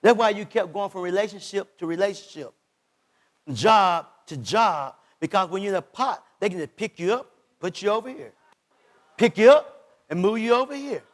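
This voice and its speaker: A male pastor a sermon, voicing God's words, swinging between shouted lines and hushed ones. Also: high-pitched, animated, moderate pace.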